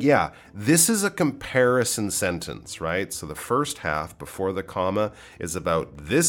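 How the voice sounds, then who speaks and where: A man with a very deep, low voice teaches English pronunciation. He speaks patiently and demonstrates stress by saying words over and over. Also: fairly bright tone. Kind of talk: explaining and giving feedback.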